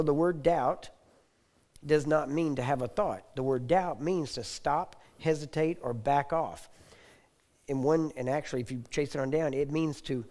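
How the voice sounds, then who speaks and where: Mellow-voiced man preaching a teaching sermon. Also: mid-range voice. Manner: repetitive, asks the audience for agreement; clears throat now and then.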